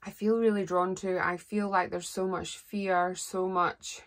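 A woman's voice: lowish voice, level tone, a little slow. A woman giving a rambling, heartfelt tarot reading as a psychic. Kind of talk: solo tarot reading monologue.

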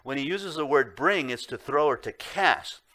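A man preaching a sermon as pastor, earnest and emphatic, asking the congregation rhetorical questions and swinging between loud emphasis and quiet low remarks. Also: lively intonation, normal speed. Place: church sanctuary.

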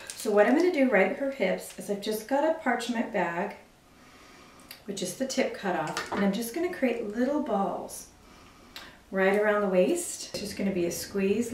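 A middle-aged woman giving a step-by-step cake decorating lesson, explaining each move gently and carefully. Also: mid-range voice, slight background noise. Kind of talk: step-by-step demonstration. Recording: echoey room.

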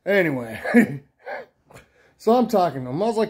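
A man's voice: high-pitched, big pitch swings, normal speed, darkish tone, slightly rough. Crude rambling guy vlogging, swears a lot, tells a rowdy story. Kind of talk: crude comedic rant to camera.

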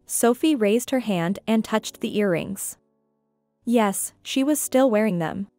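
A woman narrating a scripted story in an even, measured reading. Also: a little high, dry recording, faint music behind.

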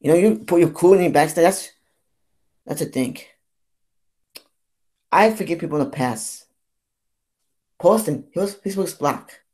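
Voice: medium pitch, moderate pace, pauses often, darkish tone. A person in their twenties ranting on a vlog in a fed-up, rambling way, repeating themselves and stumbling through false starts. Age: 20s. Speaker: vlogger.

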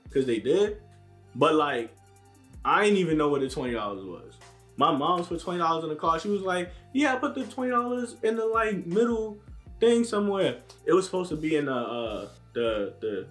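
A man's voice: medium pitch, fairly bright tone. A young man casually telling a story to camera in a laid-back, slang-heavy way, acting out what people said to him. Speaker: vlogger.

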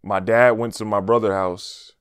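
A man's voice: lowish voice, fairly even intonation, moderate pace, smooth, dry recording, clean studio sound. A young man telling a personal story in a loose, slangy, cursing storytime vlog, laughing at himself now and then. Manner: casual, slangy, swears often; laughs at his own story. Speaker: vlogger.

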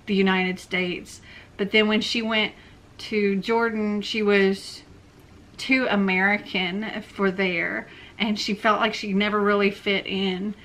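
A woman's voice: medium pitch, steady tone, slow pace, a bit bright. A young woman book vlogger chatting casually about books she read, with lots of fillers. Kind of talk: casual book review chat.

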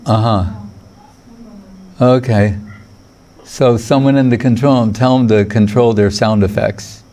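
Male spiritual teacher, mid-pitched, slow deliberate lecture delivery, digressive, quotes Sanskrit. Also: steady tone, warm tone, slight background noise. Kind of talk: lecture on scripture.

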